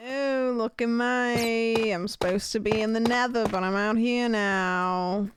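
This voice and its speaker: A woman voicing a nervous, lanky Enderman creature in a drawn-out, hammy mock Australian accent, over noisy stream audio. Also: a little high, steady tone, natural voice. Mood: goofy nervous. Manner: slow, drawn-out, hammy delivery.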